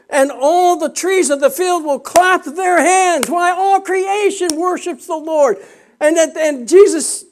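An older man preaching a sermon as pastor, fervent and rising to shouts, with restarts and self-mocking laughs. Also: very high-pitched.

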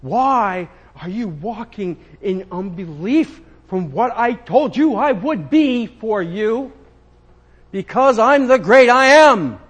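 A man's voice: animated, husky, lo-fi sound, heavily acted. A preacher voicing God as stern father. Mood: commanding. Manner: booming, drawn-out commands. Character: God, male, loving but stern father. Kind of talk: sermon.

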